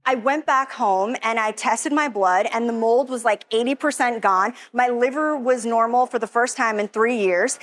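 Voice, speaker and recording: A woman's voice: fairly high pitch, fairly bright tone. A woman giving an emotional personal testimonial, gushing and breathless, full of "like" and "oh my God.". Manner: breathless, gushing, heavy use of "like". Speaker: event attendee giving a testimonial.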